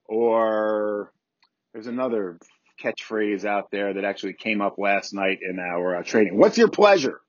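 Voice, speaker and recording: A man's voice: fairly low pitch, level tone, a little slow, no room sound, highs cut off. A man, a volunteer fire chief hosting a podcast, giving casual instructional talk in a plainspoken way, repeating key points and asking rhetorical questions.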